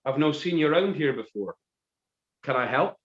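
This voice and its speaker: A man's voice: on the high side, lively intonation, moderate pace, echoey room, lo-fi sound, voice pushed up, lightly acted. A man voicing an earnest young man in a comic story.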